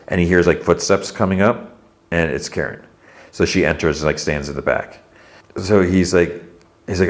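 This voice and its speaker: Man, very deep voice, podcast host, casual episode recap, quotes dialogue, lots of fillers. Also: fairly even intonation, moderate pace. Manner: retells scenes with quoted dialogue, many fillers.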